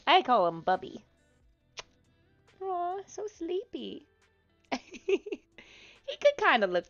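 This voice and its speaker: A woman live streaming from the office room of her apartment over a headset mic, chatting slowly and softly with viewers and cooing to her pet. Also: high voice, lo-fi sound. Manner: slow, soft-spoken and chatty, cooing baby talk to her pet. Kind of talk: casual live-stream chat. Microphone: headset microphone.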